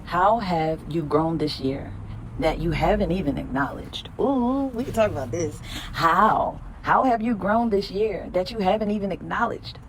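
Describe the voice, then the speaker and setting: A woman hosting a spiritual podcast, reading tarot cards and giving a blunt, emphatic pep talk full of swearing, then repeating affirmations slowly. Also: lowish voice, lively intonation, slight background noise.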